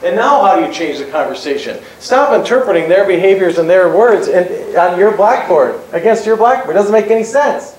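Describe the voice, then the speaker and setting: A man's voice: high voice, lively intonation, normal speed, hardly any pauses. A man telling a story to an audience about his employee, in a loose conversational way with asides like "right?". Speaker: employer and co-presenter. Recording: very echoey hall, faint noise.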